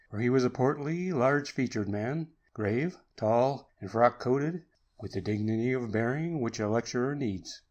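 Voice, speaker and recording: Calm male audiobook narrator. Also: medium pitch. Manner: measured, unhurried reading. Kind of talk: storybook narration for sleep.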